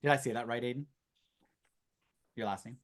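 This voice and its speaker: Guy in his 30s giving an online info session, easygoing storyteller, mid pitch, video call audio. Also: normal speed, a bit bright. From Canada. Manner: chatty, storytelling with asides. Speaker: youth exchange presenter.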